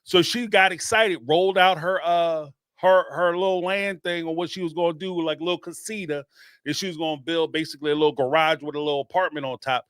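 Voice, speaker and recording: A man with a high voice talks through a live commentary stream, animated and emphatic, often repeating a line to hammer it home. The sound is dry and close. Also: fairly quick, clean tone, no echo. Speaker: host of a reality TV commentary channel.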